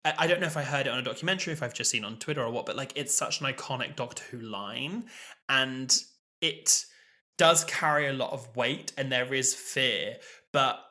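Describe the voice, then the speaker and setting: Young guy rambling on a podcast, bright tone, lots of like and um. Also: mid-range voice, a little fast. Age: 20s. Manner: chatty, rambling with many fillers. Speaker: podcast co-host. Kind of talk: casual chat.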